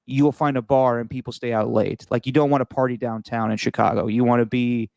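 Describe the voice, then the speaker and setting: Animated man telling a story on a podcast. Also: mid-range voice, a little fast, vocal fry, no room sound. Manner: animated, repeats words and restarts while telling stories. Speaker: podcast host. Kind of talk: casual storytelling chat.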